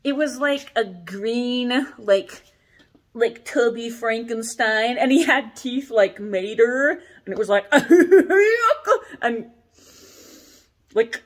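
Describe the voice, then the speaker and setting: A young adult woman hosting a casual product vlog, rambling and animated as she chats about corsets. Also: fairly high pitch, slow. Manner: rambling, animated, laughs and coughs often. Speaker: corset shop host.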